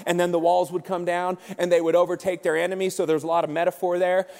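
A man preaching a sermon as comic storytelling, animated and breaking into shouted bursts. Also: high-pitched. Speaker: pastor. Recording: long hall reverb.

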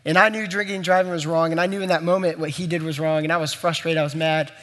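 A young male pastor preaches in a long, reverberant hall, telling a personal story earnestly and conversationally while addressing the room directly. His voice sits on the high side and sounds a bit bright, moving quickly with fairly even intonation.

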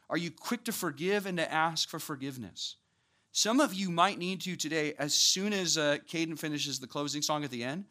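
A young man preaching a sermon to a church audience, talking conversationally and building to animated emphasis. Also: fairly high pitch. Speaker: pastor.

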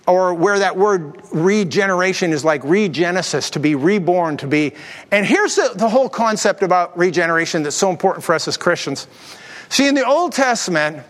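Animated high-voiced pastor in reverberant hall. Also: male voice. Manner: animated, jokey asides, acts out voices in stories. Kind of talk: sermon with storytelling and jokes.

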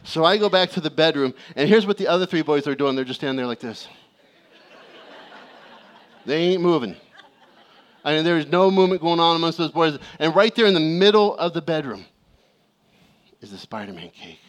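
A middle-aged male pastor preaching a sermon, telling a family story with lively acted-out voices and calls for amens. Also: on the high side, normal speed, long pauses.

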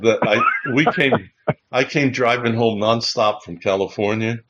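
A chaplain hosting a Bible livestream tells casual, rambling stories, restarting often and chuckling as he remembers things. His medium-pitched voice is unhurried, and the dull lo-fi stream audio is very noisy.

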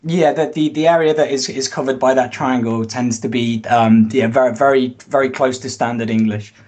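A man's voice: mid-range voice, steady tone, normal speed, a little mellow. A man explaining things to his conversation partner in a casual, easygoing way, with frequent "um"s. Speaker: guest.

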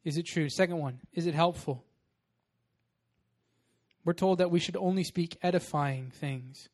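A young man preaching a sermon with a slightly high voice. He talks casually and animatedly, telling stories and moving between loud bursts and quiet asides. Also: measured pace. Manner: casual, animated storytelling with laughs. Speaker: pastor.

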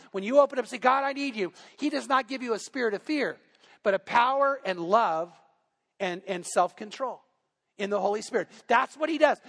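A man's voice: extremely high pitch, a bit bright, long reverb tail. A man preaching a sermon as pastor, talking to the congregation in a conversational way full of rhetorical questions. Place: church sanctuary.

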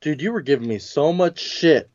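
A man's voice: a little high, normal speed, a little mellow, no room sound. A young man in casual chat, teasing his friend with profane banter. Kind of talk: casual chat about TV and comics. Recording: dry, dull lo-fi sound.

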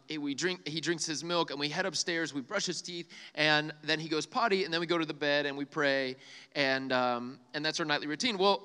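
A young man giving a retreat sermon, joking with the crowd and leading soft breathing prompts. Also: fairly high pitch, clean tone. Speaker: youth speaker. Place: large hall with live audience. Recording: long hall reverb.

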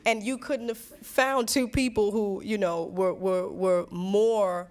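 A woman's voice: medium pitch, fairly even intonation, slow pace. A woman from New Jersey, a singer and songwriter being interviewed, telling stories earnestly with frequent restarts and laughs. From New Jersey, USA. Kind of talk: reflective conversational storytelling.

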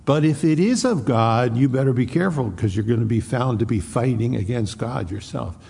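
Male preacher voicing a cautious elder scholar, husky and gravelly, warning his council. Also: mid-range voice, normal speed, a little mellow. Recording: long hall reverb.

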